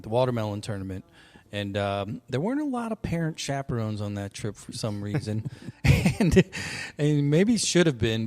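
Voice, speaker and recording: A man's voice: on the low side, clean tone. Chatty male podcast host telling stories. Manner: animated storyteller, laughs often. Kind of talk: casual chat.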